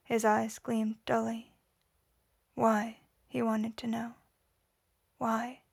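Quiet woman reading a story, flat and creaky. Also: a little high, dry recording, studio quality. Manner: quiet, measured reading with whispered dialogue. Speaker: reader. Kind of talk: audiobook reading of fan fiction.

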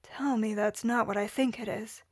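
A brash, wry male inventor, voiced by a woman reading a story, who gives clipped, matter-of-fact commands. The voice sits a little high and stays fairly level in pitch. The sound is dry and close. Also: steady tone, normal speed, darkish tone, no echo, natural voice. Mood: grim, brisk.

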